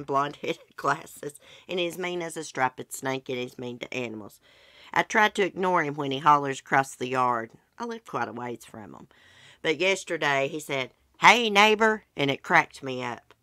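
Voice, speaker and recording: Brief: middle-aged woman, low voice, chatty storyteller hosting her own channel. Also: bright, forceful tone, no echo, clean studio sound. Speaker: channel host. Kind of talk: casual chat.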